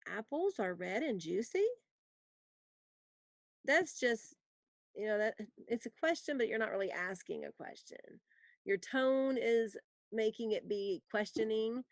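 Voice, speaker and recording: A woman teaching a grammar lesson in a patient, explaining way, her voice sitting at a middle pitch. She reads example sentences slowly so students can copy them. The sound is close and dry, with no room around it. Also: no echo.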